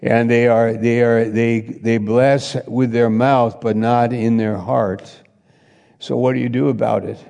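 A man preaching a sermon as a pastor, slow and halting with frequent restarts. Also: medium pitch, flat delivery, gravelly, warm tone, in a large hall.

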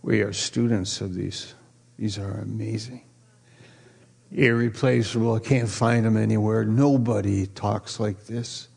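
Slow gravelly pastor preaching. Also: male voice, on the low side, steady tone, darkish tone. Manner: playful, quizzes the congregation; drawn-out emphasis on key words. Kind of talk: sermon.

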